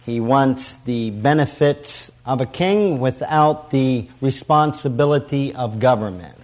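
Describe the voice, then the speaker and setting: A man's voice: medium pitch, a little slow, a little mellow. A middle-aged man preaching a sermon to a prison ministry audience, emphatic and repetitive, leading the audience to repeat lines.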